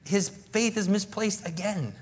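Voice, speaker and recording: A male pastor preaching a sermon in an animated way, acting out dialogue from scripture. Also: high-pitched, measured pace, slight background noise.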